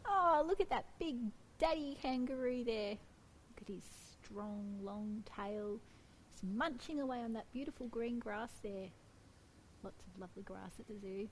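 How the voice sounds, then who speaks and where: A woman co-presenting a children's storytime show, gushing and warm, laughing often. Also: on the high side, slight background noise, rough recording.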